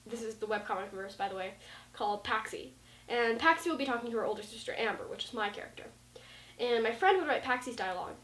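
A woman's voice: a little high, fairly bright tone. Chatty woman, roomy and off-mic. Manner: chatty, full of likes and ums, acts out quoted lines. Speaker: vlogger talking about writing. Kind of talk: casual rambling talk to camera. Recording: roomy sound from a distant mic.

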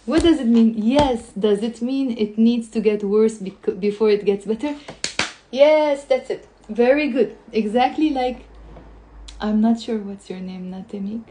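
Chatty woman teacher with a mellow voice. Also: a little high, slight background noise. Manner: chatty, greets viewers mid-explanation, laughs often; repeats and drills Arabic phrases slowly. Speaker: Lebanese Arabic teacher. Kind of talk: live-streamed language lesson.

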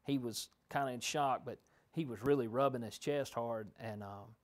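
Man, officer, mid-pitched voice, rambling detailed recollection, interview. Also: moderate pace. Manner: detailed, rambling account with fillers.

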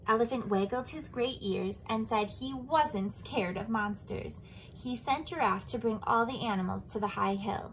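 A woman teacher reading a picture book aloud to children and explaining it in a lively way. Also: on the high side, moderate pace, slight background noise, poor audio. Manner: animated, explaining to kids.

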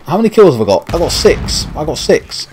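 A man's voice: on the high side, very animated, a little fast, noisy background. A man with a British accent commentating his own gameplay, frustrated and swearing as he rants. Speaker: gaming channel host. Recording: game gunfire loud behind voice. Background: video game gunfire and explosions.

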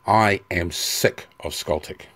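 Man reading as a scornful soldier, bitter, sneering, deep voice, audiobook. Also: slow pace, sharp tone, slightly rough, heavily acted. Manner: sneering and resentful. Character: bitter, scornful male Legion officer.

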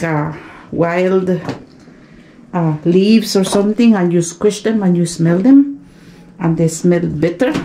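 A woman travel vlogger climbs an outdoor ruin and gives viewers nervous, exclamation-filled running commentary, recorded on an action camera. Her voice is fairly low and warm, with a slight hiss or hum.

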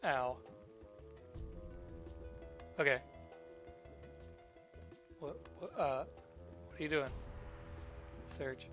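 A man's voice: fairly high pitch, big pitch swings, very slow, long pauses, a bit bright, soft background music. A man hosting a let's play, chatting casually and joking as he comments on the game. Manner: joking, chatty, reads game text aloud.

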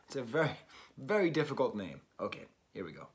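A chatty man at a middle pitch, talking through a record review in a loose, musing way. He trails off and restarts his thoughts as he goes, like a host thinking out loud. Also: big pitch swings, fast. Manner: chatty, musing, self-correcting with fillers. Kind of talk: casual spoken review.

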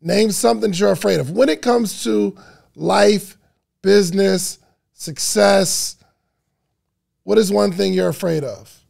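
A man's voice: high voice, takes it slowly, vocal fry, pauses often, a little mellow. A man hosting a live-stream podcast, reacting animatedly to the chat and stretching out his questions. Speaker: podcast host.

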